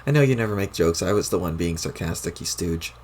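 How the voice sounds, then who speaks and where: A man's voice: deep voice, lively intonation, fast talker, a little mellow, a little hiss or hum. A man voicing a smug, scheming young female troll while reading a webcomic aloud, with a mocking tone.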